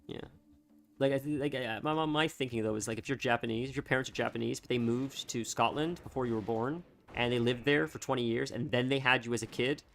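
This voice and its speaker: A young man chatting casually on a live stream, rambling and halting, full of fillers and restarts. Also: mid-range voice, fairly even intonation, vocal fry, fairly bright tone, slight background noise.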